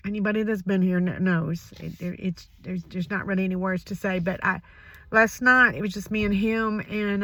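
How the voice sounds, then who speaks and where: An older woman speaks in an emotional, halting way, and her voice often drops to a hushed whisper. The sound is dry and close, with no room echo around it. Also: mid-range voice. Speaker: vlogger sharing a personal story. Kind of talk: personal spoken reflection.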